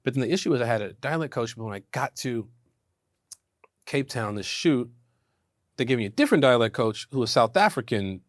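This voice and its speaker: A man, an actor, chatting in an interview and telling animated stories, laughing often. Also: medium pitch, fairly quick, long pauses, no echo, studio quality. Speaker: actor guest. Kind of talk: casual interview chat.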